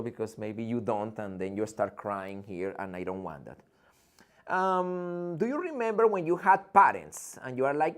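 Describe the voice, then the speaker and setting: Playful, theatrical English teacher man. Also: on the high side. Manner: playful, theatrical, jokes and acts out student questions. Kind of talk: live online English lesson. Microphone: video call.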